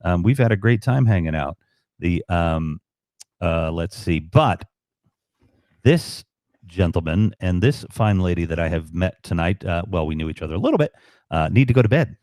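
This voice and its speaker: Lively, deep-ish man, dry sound. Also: normal speed, dry recording. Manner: rambling, enthusiastic, many ums. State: tired, up past bedtime. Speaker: guest on livestream. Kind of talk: casual chat.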